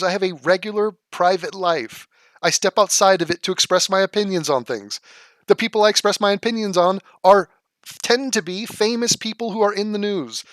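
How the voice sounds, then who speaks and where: A man's voice: high-pitched, a bit bright, no echo, studio quality. A man answering viewer comments in a vlog, sarcastic, profane and exasperated.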